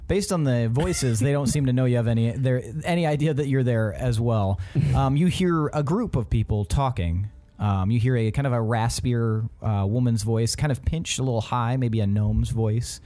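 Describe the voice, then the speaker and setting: A man narrating as dungeon master of a tabletop game, describing scenes slowly, with filler words. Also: medium pitch, dark tone, no room sound.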